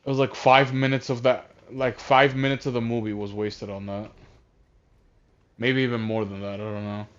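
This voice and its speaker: A man's voice: medium pitch, level tone. Rambling man on game voice chat. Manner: rambling, halting, distracted by a game. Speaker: gamer recapping a movie. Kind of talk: casual chat. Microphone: console voice chat headset. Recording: dull lo-fi voice chat audio.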